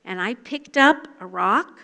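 An older woman giving a devotional talk, reading scripture and telling a personal story in an earnest, measured way. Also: medium pitch, expressive, gravelly, pushed and bright. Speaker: devotional speaker. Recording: long hall reverb.

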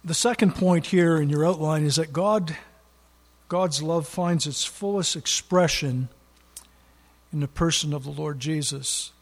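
A man's voice: on the high side, measured pace. A man preaching a sermon in an earnest way, leaning hard on key words for emphasis. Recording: long hall reverb.

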